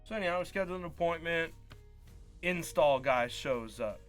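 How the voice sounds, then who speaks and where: A card break host telling a story in a somewhat high voice. He vents in casual chat, acting out what other people said. Faint music plays underneath. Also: normal speed. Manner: venting, animated storytelling with quoted dialogue. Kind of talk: casual live-stream chat.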